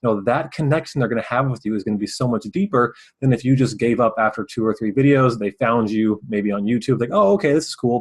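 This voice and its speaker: A man hosting his own video channel, giving fast, casual advice straight to camera and sometimes mumbling his words. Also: mid-range voice, breathy edge, low-quality recording. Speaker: host.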